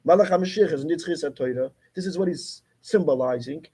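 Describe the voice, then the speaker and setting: A man's voice: on the high side, a little fast, mellow, husky. A man teaching a Torah class, arguing insistently with his students and mixing in Yiddish and Hebrew terms. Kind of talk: heated study-class debate.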